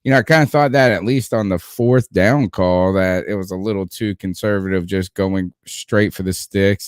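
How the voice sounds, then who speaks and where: A man's voice: fairly low pitch, dry recording, clean studio sound. A man hosting a sports podcast in a casual, joking, rambling way. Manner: joking, hyperbolic, rambling with fillers. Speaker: podcast host.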